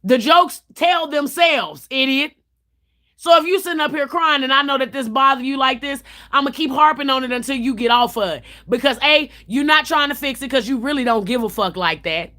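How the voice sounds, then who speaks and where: High-voiced woman on a livestream, blunt and cussing, telling stories. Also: moderate pace, pushed and bright. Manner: blunt, profane, storytelling. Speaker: livestream host. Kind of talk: casual chat on a livestream.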